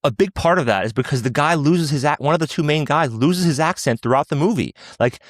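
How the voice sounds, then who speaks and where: A man's voice: a little high, lively intonation, brisk, no echo. A man co-hosting a podcast, opinionated and casual, filling his talk with "like". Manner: opinionated, peppers speech with "like". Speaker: podcast co-host. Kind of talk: casual chat.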